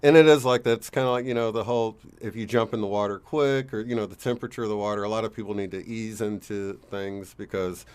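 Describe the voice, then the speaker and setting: A man talking as a guest in a relaxed, rambling casual chat. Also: lowish voice, fast talker, few pauses, smooth. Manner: relaxed, rambling, laughs easily.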